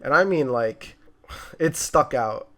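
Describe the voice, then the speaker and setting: A man's voice: medium pitch, expressive, slow pace, fairly bright tone. A man in his twenties, co-hosting a casual movie review, talking in a chatty way with lots of fillers and restarts. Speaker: co-host of a movie review show.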